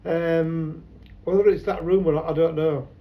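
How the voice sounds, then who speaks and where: A man's voice: fairly high pitch, fairly even intonation, moderate pace, lo-fi sound. A man, a photographer telling rambling anecdotes in an interview. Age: 70s. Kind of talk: conversational interview.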